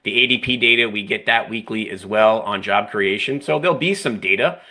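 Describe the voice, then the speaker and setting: A man gives market analysis during a live trading stream. He talks fluently and analytically, often tagging his phrases with "right?" and "you know." His voice sits low but has a bright, crisp edge. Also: fairly quick.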